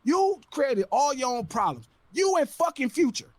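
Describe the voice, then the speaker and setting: Man, high husky voice, lively, profane podcast rant, dry sound. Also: moderate pace, no room sound. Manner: ranting, profane, exasperated.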